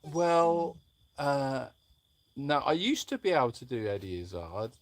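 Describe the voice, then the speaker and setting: A man's voice: medium pitch, expressive, unhurried, no room sound. A man co-hosting a live stream outdoors, chatting away and talking to the animals around him. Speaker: sanctuary live-stream co-host. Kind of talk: casual live-stream chat. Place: outdoors in a dusty animal yard.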